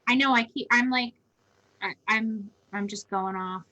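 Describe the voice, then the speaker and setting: A woman's voice: fairly high pitch, unhurried, pushed and bright, dull audio. A woman co-hosting a casual chat over a video call from home, frank and rambling, swearing casually. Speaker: co-host.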